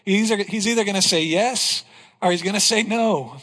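A man with a high voice preaches a sermon, driving his points home with rhetorical questions and then dropping low and quiet on the lines that matter. His voice carries a long reverb from the church hall around him. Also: brisk. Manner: emphatic preaching, rhetorical questions, drops to a hush for key lines. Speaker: pastor. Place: church sanctuary.

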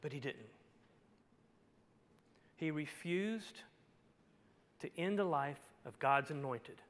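A male pastor preaching a sermon, telling the story dramatically and swinging from hushed lines to shouts. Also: fairly high pitch, expressive, slow pace. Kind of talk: expository sermon. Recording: long hall reverb.

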